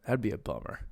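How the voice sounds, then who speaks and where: Rambling comedian talking to himself. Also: male voice, medium pitch. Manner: rambling, self-mocking, crude jokes; swings from mumbled asides to loud bursts. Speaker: podcast host. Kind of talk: solo comedy monologue.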